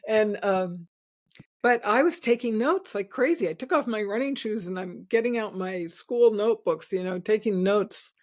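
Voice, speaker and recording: A woman's voice: mid-range voice, moderate pace, a little mellow. An older woman, a guest inventor, telling stories in a chatty interview, laughing often and restarting her sentences. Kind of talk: storytelling in casual interview.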